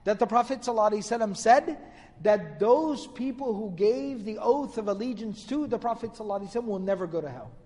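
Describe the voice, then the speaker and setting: A man's voice: sits high, animated, fast talker, mellow, long reverb tail. A man giving a religious lecture, retelling narrations in a storytelling manner and quoting Arabic. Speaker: Islamic lecturer.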